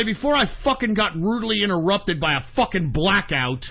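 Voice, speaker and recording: A man's voice: sits high, sing-song, fairly quick, hardly any pauses, highs cut off. A man hosting an internet radio show, venting in an exasperated, profane rant with sudden outbursts. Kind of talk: angry solo on-air rant.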